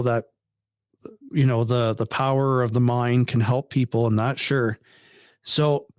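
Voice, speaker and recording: A man as a podcast guest, telling a story in casual chat, animated and incredulous, swearing freely. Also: medium pitch, dry recording, studio quality.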